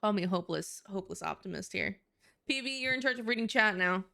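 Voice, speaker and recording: Young adult woman streamer, mid-pitched and smooth, rambling casual chat with fillers and swearing. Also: lively intonation, fast talker, pushed and bright.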